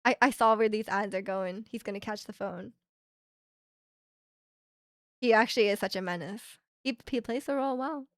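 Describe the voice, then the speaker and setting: A woman's voice: mid-range voice, normal speed, pauses often, no room sound, clean studio sound. A young woman streaming, chatting casually with her viewers and retelling ads in a rambling way with many fillers.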